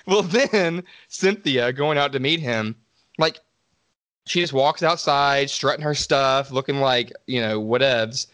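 A man's voice: medium pitch, unhurried, fairly bright tone, no echo. A man co-hosting a podcast, recapping a slasher movie in a rambling, sarcastic way, swearing and laughing often. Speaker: podcast co-host. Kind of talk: casual movie recap chat.

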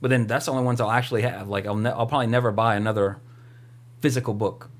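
This podcast co-host rambles through a casual chat packed with filler words. He's a man with a medium-pitched voice, fairly even intonation, and a fast pace.

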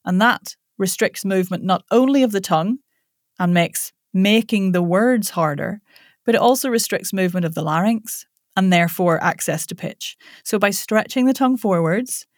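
A woman, a voice coach demonstrating vocal warm-ups in a playful, laughing coaching tone. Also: mid-range voice, normal speed, dry recording, studio quality. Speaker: voice coach guest.

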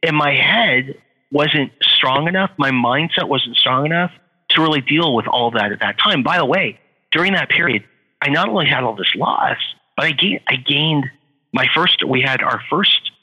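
A middle-aged man tells his story with lively swings in pitch and a very bright, husky tone. He repeats phrases for effect, and his voice rings with a long, roomy reverb. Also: moderate pace. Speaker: guest, author and entrepreneur. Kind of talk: storytelling in an interview.

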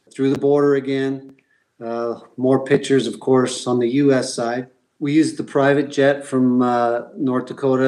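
A middle-aged man, a former pro hockey player, telling relaxed stories in an interview with many fillers and restarts. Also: medium pitch, poor audio.

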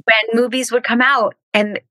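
A woman hosting a podcast in casual chat, with quick, self-mocking asides. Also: a little high, flat delivery, sharp tone, dry recording. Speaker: podcast host.

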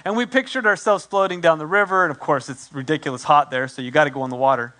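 Bright-voiced man telling a sermon story. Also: fairly high pitch, fast talker. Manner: animated, self-deprecating storytelling with acted quotes. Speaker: pastor.

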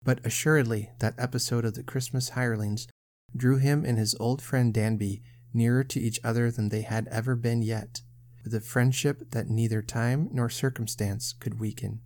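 A man giving a steady, measured scripted narration of a classic novel as an audiobook reader. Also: mid-range voice.

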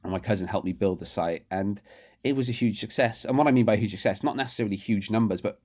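Fast-talking low-voiced male guest. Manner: rapid, animated anecdotes with frequent restarts. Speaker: guest, rugby writer. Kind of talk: casual storytelling interview.

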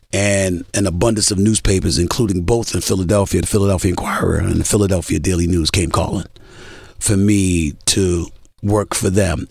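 A man with a lowish voice tells stories from his career in a punchy, emphatic way, stacking short statements one after another. He is recorded dry and close on a studio mic. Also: no room sound. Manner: emphatic, rapid-fire storyteller. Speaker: guest, sportswriter and commentator. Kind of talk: storytelling interview.

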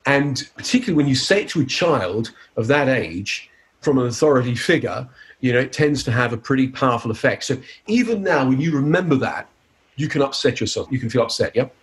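A man's voice: mid-range voice, expressive, brisk. A man, a hypnotist, leading a live teaching demonstration in an upbeat, playful way. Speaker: hypnotist giving a seminar.

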